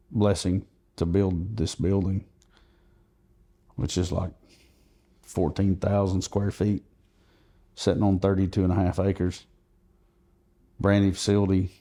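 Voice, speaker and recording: Low, mellow male guest telling a long story earnestly. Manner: earnest, recounting events at length. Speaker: podcast guest. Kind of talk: conversational storytelling.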